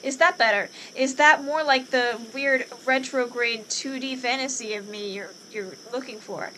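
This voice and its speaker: Woman reading a bitter young woman, cutting and sweary, kinda high, hiss behind. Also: brisk, fairly bright tone, lightly acted, rough recording. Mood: mocking.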